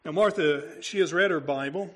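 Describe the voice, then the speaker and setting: A man's voice: on the high side, moderate pace, a bit bright, breathy edge. A male pastor preaching a sermon, talking through the story in a conversational way and asking his congregation rhetorical questions.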